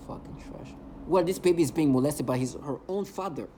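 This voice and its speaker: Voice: medium pitch, big pitch swings, fairly quick, dark tone, a little hiss or hum. A vlogger ranting in an agitated, emotional monologue, hurling repeated insults.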